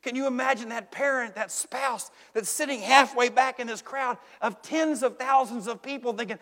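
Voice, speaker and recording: A man preaching a sermon as pastor, swinging between hushed intensity and shouted emphasis. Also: extremely high pitch, normal speed, hardly any pauses. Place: church sanctuary. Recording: long church reverb.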